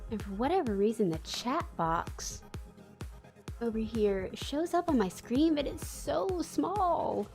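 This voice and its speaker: A woman's voice: fairly high pitch, expressive, slow, vocal fry. A woman streamer in a casual livestream chat, chatty and giggly, rambling with fillers. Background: soft background music.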